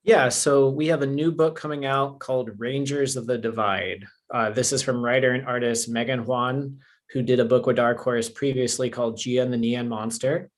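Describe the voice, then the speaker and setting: A man's voice: mid-range voice, moderate pace. A man with a mid-range voice, co-hosting a casual livestream. He reads out comic blurbs at an easy pace. The chat around him is loose and friendly. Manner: relaxed, reads blurbs aloud. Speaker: comics publisher staff co-host.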